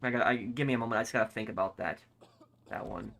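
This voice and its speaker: A man's voice: lowish voice, quick pace, creaky, fairly bright tone. A young American man streaming a game live, reading chat and thinking aloud with hesitant, repeated starts. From United States.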